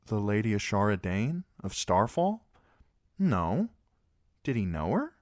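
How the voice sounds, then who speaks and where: A man voicing a fierce, quick-tempered young noble girl in a storybook reading, blunt and demanding. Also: fairly low pitch, big pitch swings, dry recording, clean studio sound, voice pushed up. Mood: curious.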